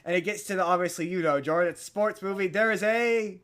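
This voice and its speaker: A man's voice: high-pitched, fast, a bit bright, clear, resonant tone. A man hosting a podcast, recapping a movie in casual chat, rambling with many restarts and repeated words. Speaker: podcast host.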